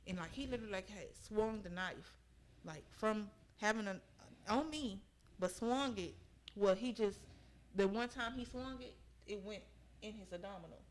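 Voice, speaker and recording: A woman's voice: mid-range voice, moderate pace, slight background noise. Earnest young woman telling her story. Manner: earnest, often checks in with listeners. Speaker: podcast guest. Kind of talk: recounting a personal story in conversation.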